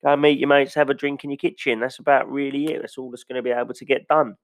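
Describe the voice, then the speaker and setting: Gravelly man, blunt rant. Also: medium pitch, little pitch movement, quick pace, no echo. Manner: blunt, passionate, swearing. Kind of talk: casual opinion rant.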